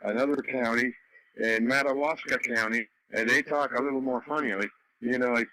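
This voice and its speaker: A man's voice: mid-range voice, fairly even intonation, brisk, sharp tone, rough recording. A man from Canada telling rambling stories in a casual chat over a radio net, full of fillers and restarts. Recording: radio audio with faint noise.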